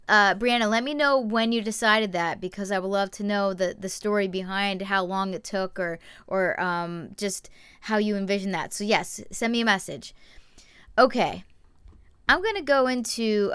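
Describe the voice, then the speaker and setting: A woman's voice: medium pitch, fairly bright tone, smooth, no echo. A young woman hosting a casual live-stream show from a cluttered room at home, rambling and chatty with lots of fillers and restarts.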